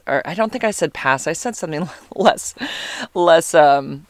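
A young man telling a dating story casually, animated and chatty, acting out text messages. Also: a little high, normal speed, no echo. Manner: animated, chatty, quotes texts aloud.

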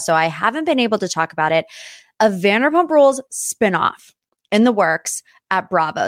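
In a dry, studio-quality recording, a young woman with a fairly low voice hosts her solo pop-culture podcast. Her casual chat is talkative and tangent-prone, peppered with animated asides.

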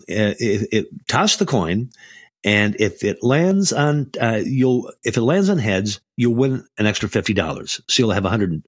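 A man's voice: fairly low pitch, breathy edge, dry recording, clean studio sound. An older man hosting a podcast, telling stories in a casual way with many restarts and repeated words. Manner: storytelling, frequent restarts and stammered repeats. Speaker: podcast host.

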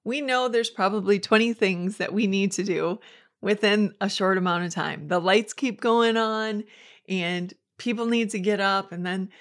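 A woman's voice: medium pitch, normal speed. Woman host, mid-range voice, chatty and upbeat, conversational devotional talk. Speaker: host of a Christian devotional podcast.

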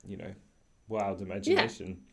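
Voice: deep voice, flat delivery, normal speed, vocal fry, a bit bright, slightly rough. A podcast co-host in casual chat who laughs easily and reflects on their own experiences.

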